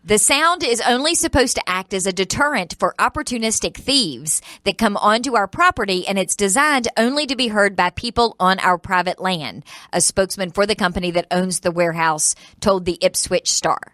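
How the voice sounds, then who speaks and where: A woman's voice: medium pitch, normal speed, hardly any pauses, bright, forceful tone, no room sound, clean studio sound. Woman radio host reading news stories. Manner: reads news quotes then riffs, laughs easily. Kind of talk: casual news chat. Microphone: studio microphone.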